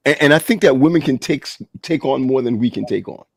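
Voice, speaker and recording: A man's voice: mid-range voice, expressive, quick pace, gravelly, no echo. Reflective man in a dry room. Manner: reflective, stammers on restarts. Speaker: panelist. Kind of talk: casual group chat.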